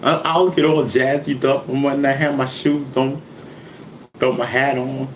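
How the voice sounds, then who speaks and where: A man's voice: medium pitch, flat delivery, measured pace. A man talks in a loose, joking ramble, laughing often and checking in with his listener after nearly every sentence. His voice sits in an ordinary middle range for a man. The room rings with echo, and a faint background hum runs underneath. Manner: laid-back, laughing, keeps saying "you know what I mean". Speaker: rapper and vlogger. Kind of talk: casual rambling monologue.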